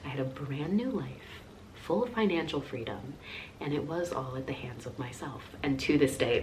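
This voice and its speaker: A woman in her thirties answering viewer questions in a casual, confessional chat, often dropping to a soft near-whisper. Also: very deep voice, normal speed, distant mic, slight background noise.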